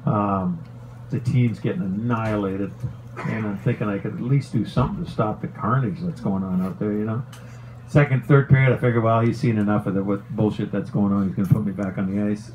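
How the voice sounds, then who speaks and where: Middle-aged man with a low, mellow voice, telling an animated, profane anecdote with laughs. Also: a little hiss or hum, low-quality recording. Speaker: former hockey player telling a story. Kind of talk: casual storytelling on a talk show.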